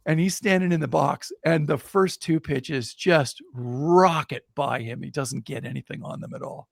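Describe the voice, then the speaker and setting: A middle-aged man, a guest in a casual interview, telling an anecdote in an animated way and building suspense. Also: a little high, normal speed, vocal fry, dry recording, studio quality. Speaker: guest storyteller.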